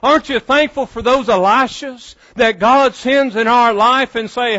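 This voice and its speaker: A high-voiced man preaches a sermon with fervor. He drops to a hushed tone for prayer, then rises into loud, emphatic appeals. The recording is dull and lo-fi. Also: moderate pace, few pauses. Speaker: pastor.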